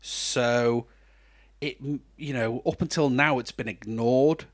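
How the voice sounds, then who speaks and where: A man's voice: mid-range voice, slow pace. A man co-hosting a podcast, chatting enthusiastically about films and TV, often restarting sentences. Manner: enthusiastic, rambling with restarts and laughs. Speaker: podcast co-host. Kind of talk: casual chat.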